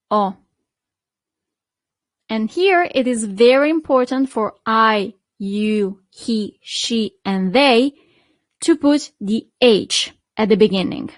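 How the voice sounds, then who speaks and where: A woman teaching a lesson at a deliberate, unhurried pace, with a voice a little higher than most. She stretches out example words clearly so learners can repeat after her. The sound is dry and close, with no room around it. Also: dry recording. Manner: slow, drawn-out model pronunciations for repeating. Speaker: Italian teacher. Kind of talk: online language lesson.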